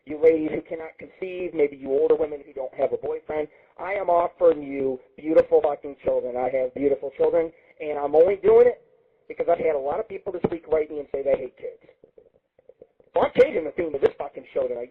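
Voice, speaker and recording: A man hosting a live internet radio show, talking in a loud, profane, manic ramble that jumps between topics. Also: on the high side, fast talker, breathy edge. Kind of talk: crude rambling monologue. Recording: muffled phone-like line.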